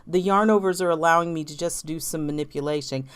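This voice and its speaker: A woman's voice: deep voice, fast talker, clear, resonant tone. A woman with a Southern accent, a knitting vlogger chatting casually about her projects, rambling with restarts and small laughs. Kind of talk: casual chat.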